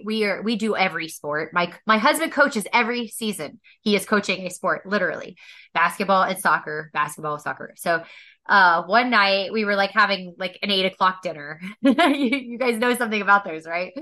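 Podcast guest, female, bright clear voice, heartfelt storyteller who laughs easily. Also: a little high. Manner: heartfelt, laughs often, animated when telling stories. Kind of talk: personal storytelling in a podcast interview.

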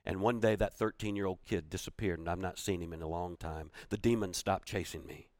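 A man's low voice carries a heartfelt story as a motivational speaker. He presses on key phrases and says them twice for weight. The sound is dry and close, with no room echo. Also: steady tone, a little fast, a little mellow. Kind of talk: storytelling keynote speech.

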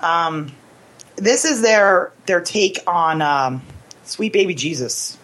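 A pregnant woman co-hosting a casual beer review, with a husky voice and a lot of movement in pitch. She describes each beer in a flat, deadpan way and sounds exasperated with her partner. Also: takes it slowly. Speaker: co-host of a beer tasting show.

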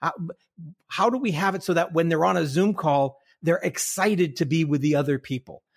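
A man with a fairly high voice talks as a podcast guest. He explains eagerly, restarting his sentences as the ideas come. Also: moderate pace, gravelly. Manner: explanatory, lively, many restarts. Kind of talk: casual conversation.

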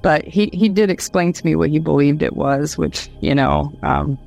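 A woman from Ohio, a guest telling a personal story in a halting way, with many fillers, restarts and nervous laughs. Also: deep voice, vocal fry, darkish tone, faint music behind. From Dayton, Ohio, USA. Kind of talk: casual storytelling.

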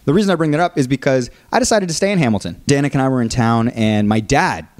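A man from Canada telling a story in a casual chat, lively and animated, acting out the people he quotes. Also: mid-range voice, quick pace. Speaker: podcast co-host.

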